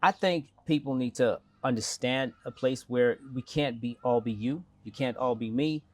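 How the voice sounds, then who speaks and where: A man's voice: mid-range voice, moderate pace, no room sound. A man who grew up in South Africa and speaks with an American-sounding accent lightly tinged with South African, a mayoral candidate joking and rambling with restarts in a casual interview. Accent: American-sounding, slightly South African.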